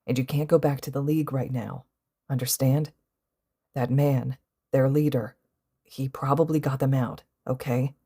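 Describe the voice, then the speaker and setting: A woman voicing a calm, protective teenage boy who speaks softly and steadily, in a fan audiobook. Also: a bass voice, moderate pace, breathy edge, full character voice. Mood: gentle. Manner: soft, steady, reassuring.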